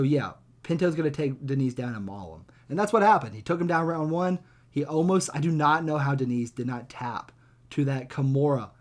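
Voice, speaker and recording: A young man casually hosting a reaction video, talking bluntly with lots of swearing and rambling asides. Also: mid-range voice. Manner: blunt, profane, rambling, chuckling.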